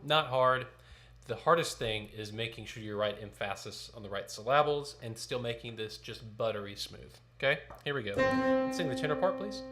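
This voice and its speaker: A man's voice: mid-range voice, lively intonation, moderate pace, a bit bright, soft background music. A man leading a choir sectional rehearsal. He counts in, sings short phrases and explains notes patiently. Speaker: choir director.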